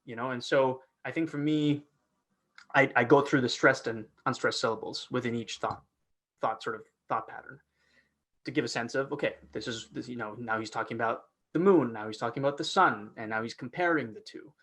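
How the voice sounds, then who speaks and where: In a casual instructional talk over video, this guest actor, a man, describes his approach with lots of energy, frequent restarts and fillers. His pitch is medium and he talks a little fast.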